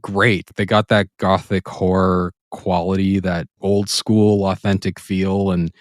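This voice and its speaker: A man with a fairly low voice talks through a comedy film he has just rewatched, animated and quick to laugh. He jumps into squeaky voices when quoting lines. The sound is close and dry, with no room around it. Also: dry recording. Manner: enthusiastic, laughs often, acts out quoted lines in high voices. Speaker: podcast co-host. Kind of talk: casual film review chat.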